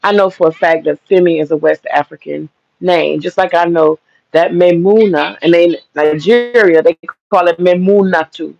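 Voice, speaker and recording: A woman hosting a live stream, ranting bluntly and with lots of swearing while lying down, her voice sounding deep. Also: fairly even intonation, moderate pace, vocal fry, darkish tone, lo-fi sound, soft background music. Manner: blunt, profane, rambling. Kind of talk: casual live-stream rant. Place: lying down at home.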